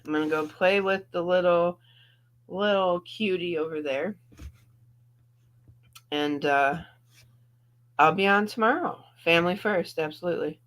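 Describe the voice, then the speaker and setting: A woman's voice: on the low side, measured pace, pauses often. A woman in her thirties, a YouTube reaction streamer, chatting casually on a livestream in a rambling way and laughing often. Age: 30s.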